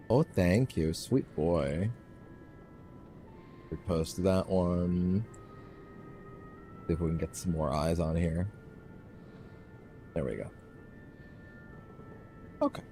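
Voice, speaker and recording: A man's voice: low-pitched, steady tone, slow, pauses often, mellow, faint music behind. A man casually commenting as he streams a game, rambling and often restarting his phrases.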